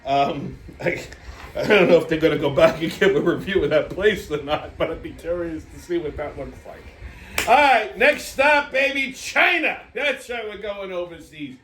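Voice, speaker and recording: A man's voice: a little high, moderate pace, slight background noise. A man hosting his own show, ranting in a brash, profane and rambling way that is full of restarts. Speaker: show host. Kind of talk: casual ranting commentary. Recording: echoey room.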